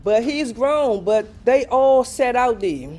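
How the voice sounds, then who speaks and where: Impassioned older man, high voice. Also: lively intonation, slow pace, darkish tone. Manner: impassioned, repetitive, pleading. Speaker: resident giving public comment. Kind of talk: public hearing testimony.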